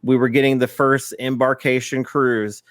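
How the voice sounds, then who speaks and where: A man's voice: mid-range voice, flat delivery, no echo. Male podcast co-host, rambling anecdotal delivery, easy laughs, dry close sound. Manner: rambling storyteller, many fillers and quick laughs. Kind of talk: casual chat.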